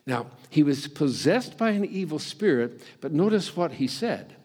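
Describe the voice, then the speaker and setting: A man preaching a sermon in a relaxed, conversational way, dropping in "you know" and stumbling over repeated words. His voice sits a little above the usual pitch for a man and swings up and down with animated emphasis. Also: moderate pace, few pauses, husky.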